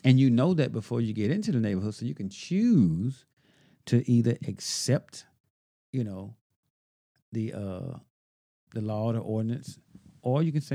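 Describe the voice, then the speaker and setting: A man's voice: mid-range voice, lively intonation, normal speed, warm tone. A man co-hosting a podcast, chatting casually and telling a story while acting out the dialogue he quotes. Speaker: podcast co-host. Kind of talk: casual chat.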